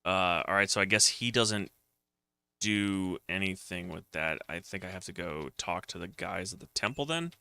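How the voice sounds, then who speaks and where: A man's voice: deep voice, normal speed, gravelly, bright, forceful tone, clean tone. A man streaming a retro computer game, muttering to himself in casual commentary as he plays. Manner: muttering to himself while playing. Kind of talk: casual let's-play commentary.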